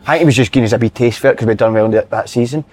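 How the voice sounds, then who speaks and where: A man with a Scottish accent hosting a casual football podcast and telling stories in a quick, animated way. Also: medium pitch. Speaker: podcast host.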